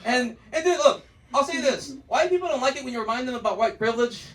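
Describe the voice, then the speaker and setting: A man's voice: very high-pitched, animated, fast, distant mic, poor audio. A man from the United States performing a stand-up comedy set on a club stage, telling loose, laughing stories with mocking put-on quotes.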